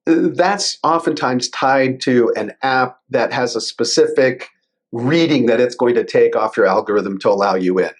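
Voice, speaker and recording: A man speaks as a guest in a casual interview. He explains things in a measured, conversational way. His voice sits at a middle pitch. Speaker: guest, cybersecurity lawyer.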